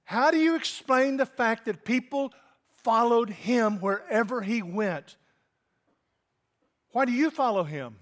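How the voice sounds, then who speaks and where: A middle-aged man preaching a sermon as pastor, conversational and asking his congregation questions. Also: sits high.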